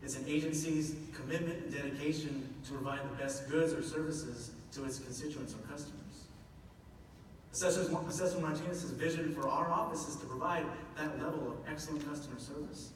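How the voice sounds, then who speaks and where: A man's voice: a little high, steady tone, a little fast, a little hiss or hum. A man giving an earnest, explanatory public talk about his office's work, with a few self-deprecating asides. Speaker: public speaker from a government office. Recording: echoey hall from far off.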